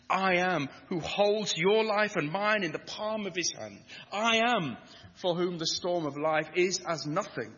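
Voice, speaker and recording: A man's voice: on the high side, bright, forceful tone. A man preaching a sermon with an emphatic, rhythmic delivery that builds on repetition. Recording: dull lo-fi sound with long hall reverb.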